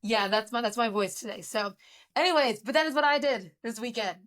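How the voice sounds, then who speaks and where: Woman, hoarse voice, podcast co-host, chatty storytelling, casual chat. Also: on the high side, a little fast, a bit bright.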